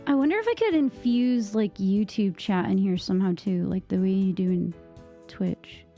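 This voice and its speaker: A young woman from Massachusetts with a Boston accent, chatting casually with her stream viewers, rambling with lots of fillers, on a boom-arm mic at home. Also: moderate pace, warm tone, soft background music. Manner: rambling, many fillers and restarts. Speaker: live streamer. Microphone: microphone on a boom arm.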